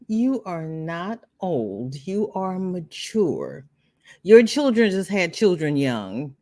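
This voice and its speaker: Slow-talking older woman hosting a livestream. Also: low-pitched, dry recording, clean studio sound. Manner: chatty, reads viewer comments aloud, teasing. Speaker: livestream host. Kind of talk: casual livestream chat.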